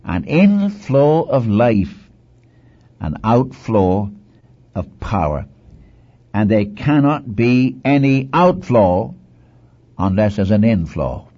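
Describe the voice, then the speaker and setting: A man's voice: fairly low pitch, big pitch swings, slow pace, long pauses, mellow, slightly rough. A man preaching a sermon in an earnest, exhorting manner, repeating phrases for emphasis, on a dull lo-fi recording.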